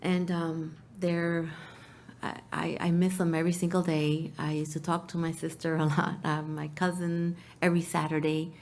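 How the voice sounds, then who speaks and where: A woman guest on a talk show, speaking in a heartfelt, emotional way with frequent laughter. Her voice sits very low for a woman, and a faint room ambience hums behind her. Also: little pitch movement, moderate pace, darkish tone, slight background noise.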